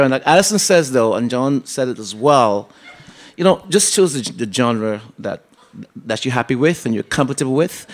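Laughing talent show judge, man. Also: medium pitch. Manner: teasing, laughing, thankful. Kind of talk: judge's feedback.

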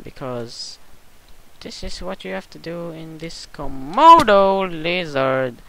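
A gameplay commentator in casual, goofy play-by-play who squeals and yells at jumps and mutters between them. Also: mid-range voice, smooth, low-quality recording.

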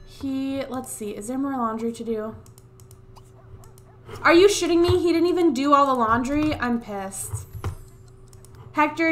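Brief: woman gamer, higher-pitched, fed up, cursing at her sims, desk mic. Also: fairly bright tone, slight background noise. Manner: exasperated, swears, scolds game characters. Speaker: Let's Play gamer. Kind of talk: casual gameplay commentary. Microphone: USB desk mic.

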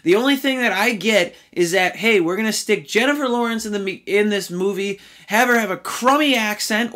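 A man's voice: high voice, sharp tone. A man hosting a casual film review, talking in an exasperated, rambling way with fillers and restarts.

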